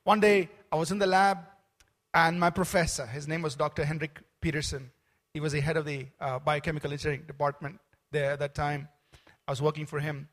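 High-voiced preacher in a reverberant hall. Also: male voice, flat delivery, brisk, fairly bright tone. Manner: emphatic, calls out to the congregation; storytelling with many fillers and restarts. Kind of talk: sermon. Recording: long reverb of a large hall.

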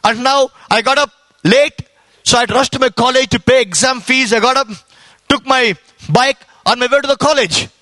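A man's voice: very high-pitched, normal speed, sharp tone, no room sound. A man from India giving a fervent sermon testimony as an evangelist, telling his story with repetition and rising exclamations.

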